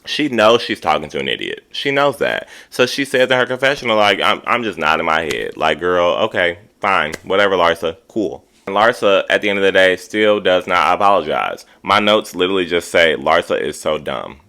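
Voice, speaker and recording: A man recapping a reality TV episode in a chatty, sassy way, quoting the cast in animated voices. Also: deep voice, brisk, gravelly, few pauses. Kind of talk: casual recap commentary.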